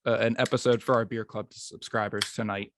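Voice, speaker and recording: A man's voice: lowish voice, little pitch movement, fairly quick, a little hiss or hum. Easygoing man hosting a beer podcast. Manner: easygoing, self-deprecating joking. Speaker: podcast host. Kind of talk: casual podcast chat.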